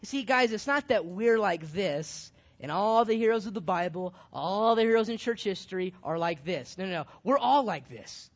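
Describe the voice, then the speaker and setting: A man leading a Bible study for young people, animated and jokey, breaking into shouts to drive points home. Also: high voice, moderate pace, few pauses. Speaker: youth Bible study leader. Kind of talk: lively Bible study teaching with props. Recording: dull lo-fi sound.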